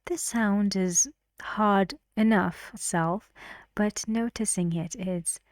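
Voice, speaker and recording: Female pronunciation teacher, very slow and patient, dry close mic. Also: medium pitch, no echo. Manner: slow, patient, often drops to a whisper; chants stress patterns in syllables. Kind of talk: online lesson with drills.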